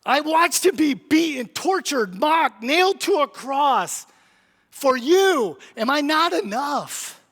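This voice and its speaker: A man's voice: very high-pitched, big pitch swings, slow pace, a bit bright, pitched above the performer's own voice, full character voice. A man preaching a sermon who voices God as a sorrowful, tender figure repeating one aching question. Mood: pleading. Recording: long church reverb.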